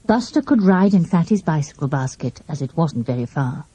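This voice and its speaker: A woman reading a children's mystery aloud in a lively, expressive storybook style. Her voice is mellow and slightly husky, and her pitch moves a great deal. The recording is close-miked and dry. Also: normal speed, dry recording. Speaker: audiobook narrator. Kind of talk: storybook narration.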